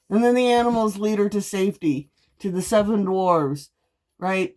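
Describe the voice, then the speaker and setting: A woman tarot reader telling a story in a casual monologue, sassy and animated, swearing freely. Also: medium pitch, moderate pace.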